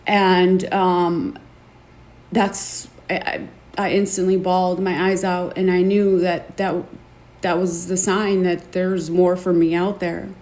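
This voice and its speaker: A woman hosting a show, telling her own story to an online audience in an earnest, emotional, confiding way, halting and repeating words as she gathers her thoughts. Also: on the low side, little pitch movement, a little mellow. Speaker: podcast host. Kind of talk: candid personal testimony to an online audience.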